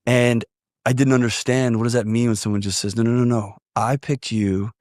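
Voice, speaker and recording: A man with a drawl telling a personal story on a podcast in an earnest, animated way. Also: medium pitch, brisk, no room sound, clean studio sound. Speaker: podcast guest. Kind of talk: storytelling conversation.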